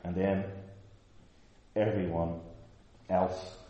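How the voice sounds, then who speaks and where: A man preaching a sermon, emphatic and rising to loud, forceful outbursts. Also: deep voice, fairly even intonation, extremely slow. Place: church. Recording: dull, very echoey church hall.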